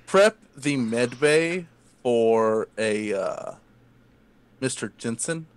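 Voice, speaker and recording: A man playing a character in a tabletop role-playing game, blunt and quick to swear. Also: mid-range voice, animated, clear, resonant tone, no room sound. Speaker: player.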